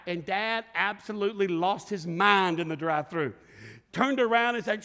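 His voice is high and brisk as this middle-aged lead pastor delivers a sermon in church. He tells stories with lively acted-out voices, shouts at moments, and prompts the congregation to call back.

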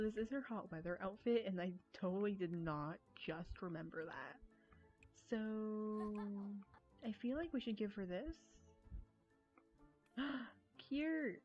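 An American woman chatting casually while live streaming a game, giggly, rambling and quick to poke fun at herself. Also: mid-range voice, a little mellow. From United States. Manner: giggly, rambling, self-mocking. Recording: dull lo-fi stream audio with faint music.

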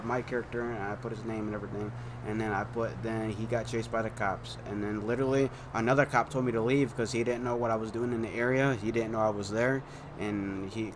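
A man with a medium-pitched voice recounts his side of a roleplay session. He rambles, restarts his sentences often, and quotes what others said. Clear background noise runs under his voice. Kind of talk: casual chat.

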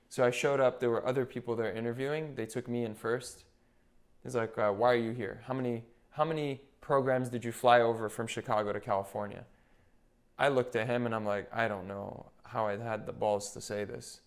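Speaking at a slightly fast clip in a mid-range voice, this young podcast guest, a nurse anesthetist, spins lively anecdotes. He quotes others and performs their lines as he chats.

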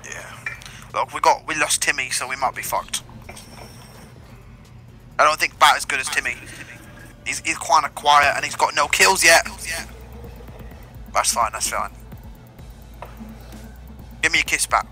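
A man's voice: fairly high pitch, a little slow, long pauses, sharp tone, faint music behind. A man in casual gaming chat, joking crudely with his teammates and calling them mate. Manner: crude teasing banter, calls everyone mate. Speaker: gamer streaming with friends.

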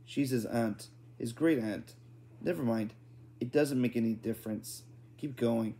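A man's voice: mid-range voice, a little slow, warm tone, natural voice. A man voicing an impatient girl in a storybook reading, speaking in short, dismissive replies. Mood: curt.

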